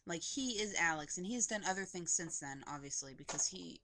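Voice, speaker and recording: A woman's voice: lowish voice, expressive, fairly quick, sharp tone. A young woman vlogging a casual movie review from home on a webcam, gushing and rambling with lots of "like". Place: indoors at home, poorly lit.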